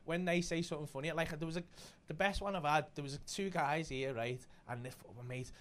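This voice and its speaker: A man with a Liverpool accent, a comedian and club host telling stories in casual chat, swearing freely with rapid banter. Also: fairly high pitch, steady tone, fairly bright tone. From Liverpool, England.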